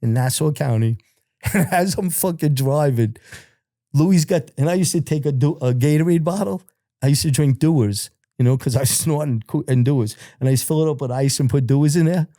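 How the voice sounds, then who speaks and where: Middle-aged New man, mellow dark voice, lively profane storyteller, dry close mic. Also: on the high side, brisk, dry recording. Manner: animated, profane, laughs through his stories. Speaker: interview guest. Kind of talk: casual storytelling.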